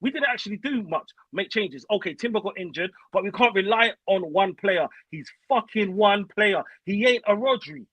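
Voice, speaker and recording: A man's voice: sits high, lively intonation, normal speed, hardly any pauses, husky, dry recording, highs cut off. A young man, calling in as a fan and ranting angrily, swearing, in heavy slang. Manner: swearing, heated, uses slang. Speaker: caller. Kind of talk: angry fan rant.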